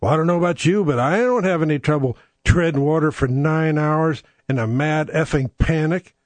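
A man's voice: on the high side, a little mellow, no echo. A man hosting a rambling comic monologue, profane and sardonic, digressing as he talks.

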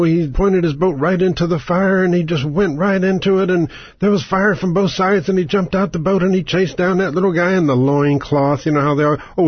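A man's voice: on the high side, husky, no echo, lo-fi sound. A man hosting a talk radio show, ranting about politics with angry sarcasm, profanity and strings of rhetorical questions.

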